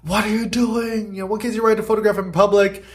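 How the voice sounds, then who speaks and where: A man voicing an angry woman who yells at a photographer in shrill, indignant outbursts. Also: little pitch movement, quick pace, natural voice. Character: angry middle-aged woman yelling at a photographer.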